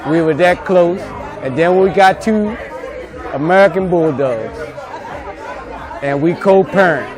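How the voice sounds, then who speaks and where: High-voiced man, slow and emotional. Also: lively intonation. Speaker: close friend giving a tribute. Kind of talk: casual spoken tribute. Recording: music and crowd chatter behind.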